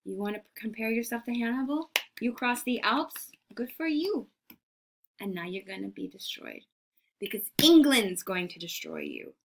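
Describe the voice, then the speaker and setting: A woman's voice: fairly high pitch, sing-song, normal speed, gravelly, full character voice. A woman voicing a male painter who scornfully taunts a would-be conqueror, in a teasing tone. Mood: taunting.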